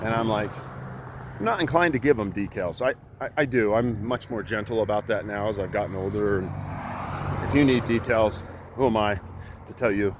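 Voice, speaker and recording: A man's voice: fairly low pitch, moderate pace, background noise. A middle-aged man, a coach, telling a heated story in blunt, profane talk while out on a walk. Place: outdoors by a road.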